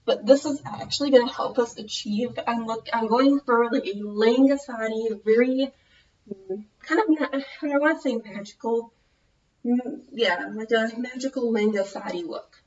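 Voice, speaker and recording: This female vlogger from the United States has a Minnesotan American accent and a slightly high, darkish voice at a normal pace. She chats casually through a clothing tutorial, rambling, losing her thread, and correcting herself. The audio sounds dull.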